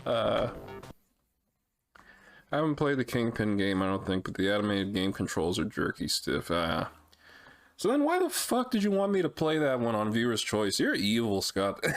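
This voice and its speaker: A man streaming a retro game, chatting casually with viewers, swearing freely and reacting out loud. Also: mid-range voice, very animated, normal speed, soft background music. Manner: loose, profane, reads chat aloud. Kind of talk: casual live-stream chat.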